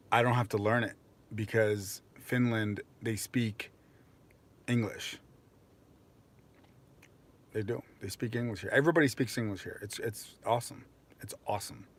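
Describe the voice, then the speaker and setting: A man's voice: medium pitch, slow pace, pauses often. A young American man chatting casually on a live stream, rambling and self-mocking, with lots of fillers. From United States.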